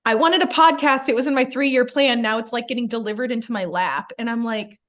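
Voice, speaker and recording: A woman's voice: a little high, fairly quick. A young adult woman, a podcast host, telling a personal story in casual chat, filling her talk with "like" and acting out what others said. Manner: animated, many "like" fillers, acts out quoted lines.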